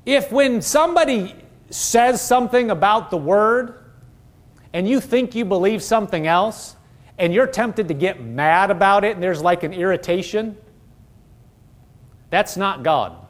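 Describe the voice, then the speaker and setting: Male preacher, high voice, earnest conversational teaching, heavy on rhetorical questions. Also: lively intonation, a little slow.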